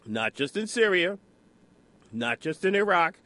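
A man hosting a political radio talk show in a studio, talking in an animated, rhetorical, conversational way. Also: high-pitched, measured pace, no echo.

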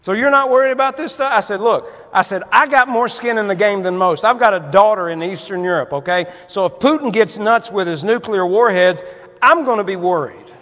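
A man's voice: high-pitched, normal speed, fairly bright tone. A man preaching a sermon, telling a folksy story and building to fervent emphasis. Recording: long hall reverb.

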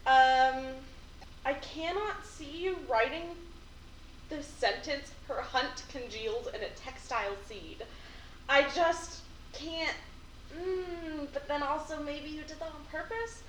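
A woman with a high, bright, sharp-edged voice, animated and giggly. She is recorded in an echoey room with a faint hiss. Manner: animated, giggly, quick to protest. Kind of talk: casual chat and poem reading.

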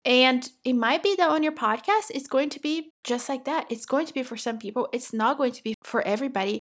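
A middle-aged woman from Brazil, with a Brazilian Portuguese accent, hosts a casual solo podcast and talks fairly quickly in a high-pitched voice. She is direct and encouraging, speaking straight to the listener.

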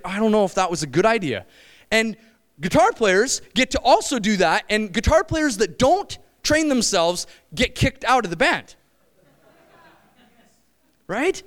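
High-voiced man preaching a lively sermon. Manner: animated and conversational, acting out quick quoted voices.

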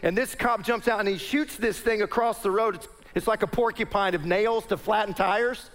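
High-pitched animated preacher man. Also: moderate pace. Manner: animated storyteller addressing a congregation. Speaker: pastor. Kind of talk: sermon with personal storytelling.

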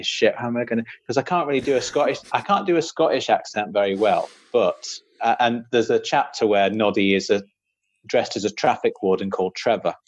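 A man's voice: lowish voice, no echo. A man, a podcast host and audiobook narrator, chatting casually in a rambling, self-deprecating way with frequent laughs. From Britain.

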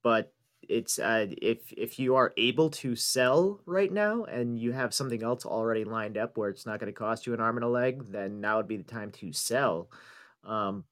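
A man's voice: medium pitch, normal speed, fairly bright tone. A man co-hosting a podcast, chatting casually and hesitantly with many ums and restarts. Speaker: podcast co-host. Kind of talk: casual chat.

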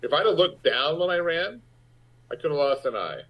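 A man recounts a story as an interview guest, his pitch swinging widely as he acts out what others said. He swears freely and talks with energy. The sound is dull and lo-fi. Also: normal speed. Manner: animated, profane anecdote-telling with acted-out quotes. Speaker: actor guest.

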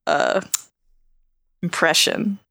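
A woman co-hosting a casual podcast chat, playful and giggly, often breaking into high shrieking laughs. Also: very slow, vocal fry, bright, forceful tone, no echo. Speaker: podcast co-host.

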